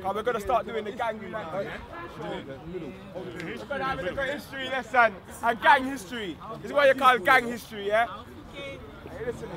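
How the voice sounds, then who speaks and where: A hoarse man hosting an outdoor gathering, hyping the crowd in energetic slang. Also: extremely high pitch. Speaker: event host.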